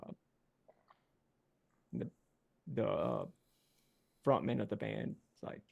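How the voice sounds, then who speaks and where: A man narrating as game master in a rambling, halting way with many fillers. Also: lowish voice, vocal fry, darkish tone, breathy edge.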